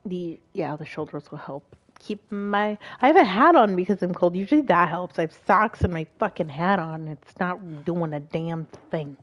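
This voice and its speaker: A woman's voice: lowish voice, animated, normal speed, few pauses. A young woman streaming a video game, chatting casually and swearing freely. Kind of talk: casual gameplay commentary.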